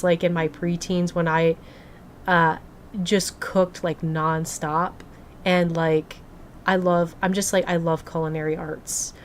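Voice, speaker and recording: Slight background noise sits under a young woman's voice that runs on the low side. She's a game streamer chatting to her live audience, bubbly and gushing, with "like" scattered all through her talk.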